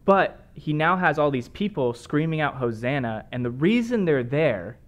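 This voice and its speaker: A man's voice: on the high side, very animated, moderate pace. A man co-leading a conversational sermon, recounting the story and affirming his partner.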